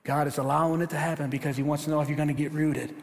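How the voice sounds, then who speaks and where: A man with a high voice preaches a sermon from the pulpit, dropping low and hushed and then climbing loud and urgent. His words ring out with the long reverb of a big church hall. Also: level tone, racing, creaky, noisy background. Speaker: pastor. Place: church sanctuary.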